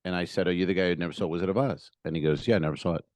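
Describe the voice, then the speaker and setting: A man co-hosting a comedy podcast, telling profane, jokey stand-up stories in a casual, animated way. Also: low voice, very fast, no room sound. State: feeling unwell.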